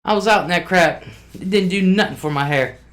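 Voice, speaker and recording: A woman's voice: fairly low pitch, a little fast. A woman hosting a casual live stream from her desk, greeting viewers by name, reading their comments aloud and swearing freely. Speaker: livestream host.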